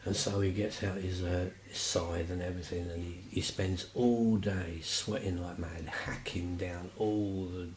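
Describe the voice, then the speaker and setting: A man's voice: low-pitched, little pitch movement, a little slow, hardly any pauses, a little mellow, roomy sound, a little hiss or hum, low-quality recording. A man telling stories casually, rambling and chatty with lots of fillers. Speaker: vlogger. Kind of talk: casual storytelling.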